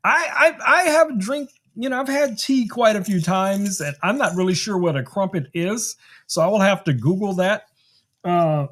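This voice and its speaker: A man's voice: sits high, fairly bright tone. A man hosting a tech live stream, chatting casually to viewers about gadgets, full of fillers, recorded on a desk microphone in a home studio. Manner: chatty, many fillers, addresses viewers as guys. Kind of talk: casual product demo talk. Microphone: desk microphone on a stand.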